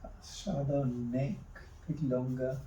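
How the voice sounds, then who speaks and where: Slow, mellow-voiced man narrating a drawing. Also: mid-range voice, steady tone, a little hiss or hum. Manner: terse murmured step-by-step remarks while working. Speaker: artist. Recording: echoey room, distant mic.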